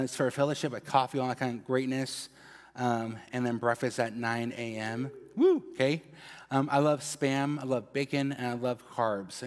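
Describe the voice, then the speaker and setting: A man with a Mexican accent giving upbeat church announcements and a prayer, tagging "okay?" onto nearly every phrase. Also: mid-range voice. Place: church sanctuary. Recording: long hall reverb.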